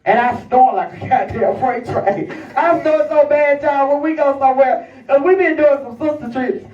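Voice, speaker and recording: A woman's voice: high voice, normal speed. A woman doing stand-up storytelling, brash and profane, talking straight to the crowd from a live comedy venue. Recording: echoey, distant, dull live recording.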